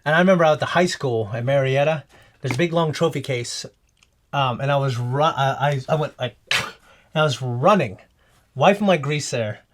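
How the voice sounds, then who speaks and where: A man's voice: mid-range voice, normal speed, noisy background. A man co-hosting a reaction show, chatting casually and telling rambling stories full of restarts. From Philippines heritage. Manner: rambling, animated storytelling with restarts. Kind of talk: casual chat.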